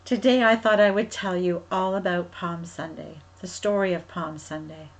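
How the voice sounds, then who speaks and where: A woman's voice: on the low side, fairly even intonation, moderate pace, low-quality recording. Woman telling a Bible story to children. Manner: gentle, asks children questions directly. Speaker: children's ministry coordinator.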